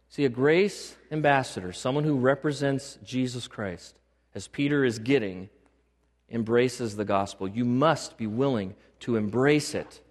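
A man preaching a sermon as pastor, emphatic, repeating key phrases and putting questions to the congregation. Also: medium pitch. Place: church sanctuary. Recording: long reverb of a large hall.

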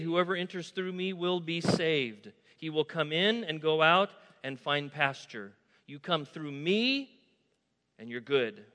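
A man preaching a sermon, moving from soft asides to loud, emphatic declarations. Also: fairly high pitch, moderate pace. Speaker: pastor. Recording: long hall reverb.

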